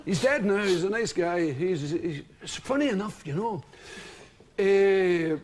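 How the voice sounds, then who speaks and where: A man's voice: sits high, lively intonation, unhurried, a little mellow. A Scottish man telling comic stories as a talk show guest, laughing through them. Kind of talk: comic storytelling. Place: television studio with audience.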